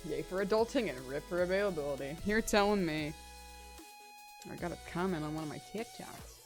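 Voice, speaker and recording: A woman's voice: on the low side, wildly swooping pitch, a little fast, music in the background. A young adult woman chatting casually on a livestream while drawing, swearing freely and laughing often. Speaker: streamer drawing a webcomic.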